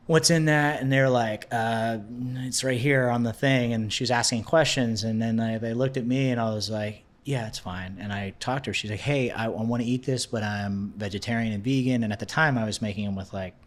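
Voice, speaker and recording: A man in his thirties, a podcast guest telling a story in a casual, animated way and acting out the dialogue he quotes. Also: mid-range voice, brisk, few pauses.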